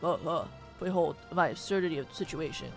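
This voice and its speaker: A woman reading out the lines of a huge, fat male monster guardian in a lowered, pompous and menacing voice while playing a game. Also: fairly quick, vocal fry, faint music behind. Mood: gloating.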